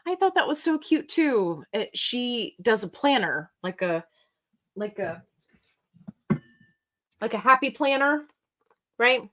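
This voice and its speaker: A woman hosting a live question-and-answer stream, chatting casually to her viewers. She rambles cheerfully, jumps off on tangents and tells jokey little stories in a relaxed, everyday voice. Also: a little high, slow, pauses often. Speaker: host. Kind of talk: casual livestream Q&A chat.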